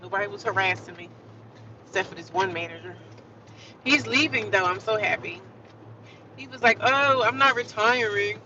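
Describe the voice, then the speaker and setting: A woman's voice: mid-range voice, moderate pace, pauses often. A woman livestreaming outdoors in the city, chatting casually and sassily with her viewers and laughing often. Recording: dull lo-fi phone audio with loud street noise.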